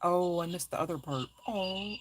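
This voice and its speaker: Low-voiced woman chatting warmly. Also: unhurried, a little hiss or hum. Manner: chatty and affectionate, calls viewers babe; laughs often mid-sentence. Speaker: tarot reader. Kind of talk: casual live-stream chat.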